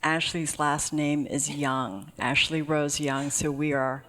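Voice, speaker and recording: A woman's voice: deep voice, fairly even intonation, takes it slowly, fairly bright tone. A woman guest chef chatting on a museum stage before an audience, gracious and joking. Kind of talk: live stage chat.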